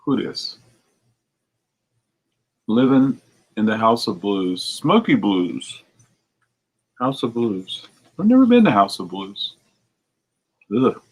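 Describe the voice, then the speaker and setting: In his record shop, an American store owner chats to a video audience while sorting used CDs, wandering off topic and muttering to himself. His voice sits on the low side and is slightly rough, very animated yet slow, with frequent pauses, and the audio is poor.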